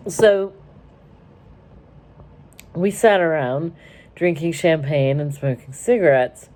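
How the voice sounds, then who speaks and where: A woman's voice: low voice, takes it slowly, a little mellow. A young woman from Florida telling a rambling, wry story to camera, interrupting herself as she goes. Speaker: vlogger. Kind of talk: casual storytelling. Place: car.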